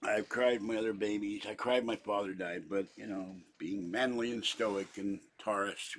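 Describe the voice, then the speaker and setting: A man's voice: lowish voice, steady tone, moderate pace, hardly any pauses, a little hiss or hum. An older man from Pittsburgh, talking in a rambling, chatty monologue full of theatrical asides. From Pittsburgh, Pennsylvania. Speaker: vlogger.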